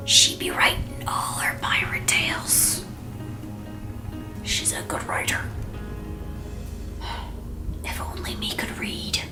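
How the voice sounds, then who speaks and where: Young woman host, whispered role-play as a playful pirate, slow and hushed, with music behind. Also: fairly high pitch, poor audio. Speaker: art channel host.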